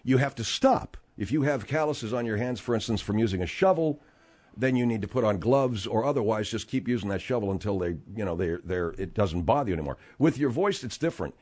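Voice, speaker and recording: Animated man hosting a talk show. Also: on the low side, a little fast. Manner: animated, rambling explanations with many fillers. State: slightly strained voice. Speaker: radio talk show host. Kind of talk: casual talk show chat.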